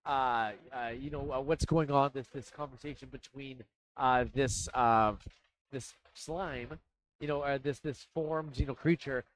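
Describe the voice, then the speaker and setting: A man narrating as dungeon master, talking in a halting way with many fillers and restarts. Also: medium pitch, steady tone, fairly bright tone, slight background noise, rough recording. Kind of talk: narrating a tabletop game.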